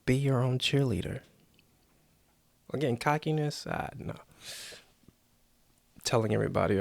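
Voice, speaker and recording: A man's voice: mid-range voice, animated, normal speed, creaky, pauses often, no echo. A man hosting a motivational podcast, coaching earnestly and acting out the inner voices people hear. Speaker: podcast host.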